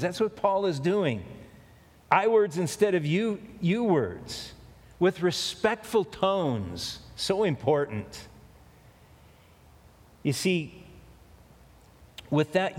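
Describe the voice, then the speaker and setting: A pastor giving a conversational sermon, often repeating key phrases for emphasis. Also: male voice, fairly high pitch, long reverb tail.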